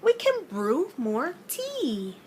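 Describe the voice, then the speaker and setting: A woman voicing a tiny mouse in a children's storybook, squeaking words of comfort. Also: huge pitch swings, extremely slow, noisy background, full character voice. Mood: reassuring. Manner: squeaky, reassuring.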